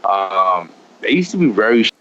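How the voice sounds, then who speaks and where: A man's voice: lowish voice, sing-song, normal speed, a bit bright. A man with a Midwestern accent, a podcast guest talking candidly and earnestly, often restarting his sentences. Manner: earnest, heartfelt, many "like" fillers and restarts. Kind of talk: candid conversational storytelling. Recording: dull lo-fi with faint noise.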